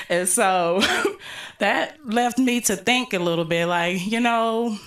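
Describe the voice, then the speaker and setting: A woman doing stand-up, telling a story in a relaxed, rambling way with many ums and you-knows. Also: mid-range voice, drawn-out words, pauses often. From Colorado, US. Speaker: stand-up comedian. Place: recording studio.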